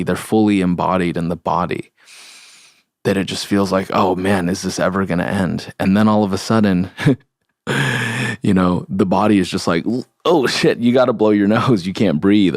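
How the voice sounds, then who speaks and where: Young male podcast host, slow searching delivery, dry close sound. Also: low voice, no echo. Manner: slow, halting, searching for words with many fillers; sincere, open about grief. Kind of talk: reflective solo podcast talk.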